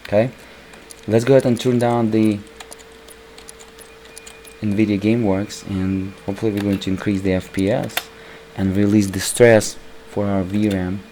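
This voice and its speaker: A man with a voice worn hoarse from recording, casually commenting over his gameplay as a PC gaming channel host and calling his viewers "guys". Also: fairly low pitch, fairly even intonation, normal speed, pauses often, dark tone, slight background noise, low-quality recording. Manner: keeps calling the viewers "guys", rambling with restarts.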